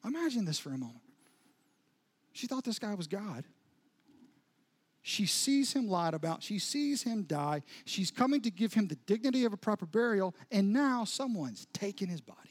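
High-voiced man preaching a dramatic sermon. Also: very animated, moderate pace, pauses often. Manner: dramatic storytelling with sudden soft drops and rising intensity. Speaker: pastor.

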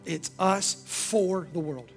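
A man's voice: sits high, slow pace, vocal fry, soft background music. A male pastor preaching a sermon in an emphatic, repetitive, rhetorical style.

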